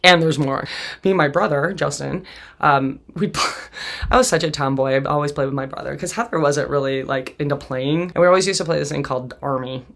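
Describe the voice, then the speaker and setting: Gravelly-voiced woman telling her story bluntly. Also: deep voice, a little fast. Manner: blunt and profane, laughing through hard memories. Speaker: podcast host. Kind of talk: candid personal storytelling.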